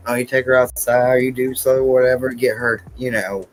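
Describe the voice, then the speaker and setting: A man's voice: mid-range voice, level tone, normal speed, slight background noise. A man co-hosting a casual chat show, telling stories in a rambling way with restarts and quoted voices. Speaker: podcast co-host.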